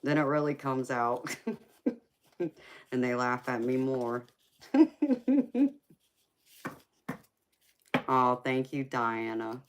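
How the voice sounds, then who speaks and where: A woman's voice: extremely low pitch, level tone, slow, pauses often, a little hiss or hum. A woman with a heavy Southern accent from Georgia, chatting casually and laughing often while hosting a late-night live stream. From California.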